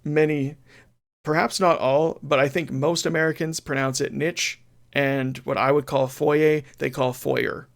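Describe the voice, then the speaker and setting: A man's voice: fairly high pitch, fairly even intonation, moderate pace, creaky. A man streaming a retro game, chatting casually and playfully, reading game text aloud with mock drama.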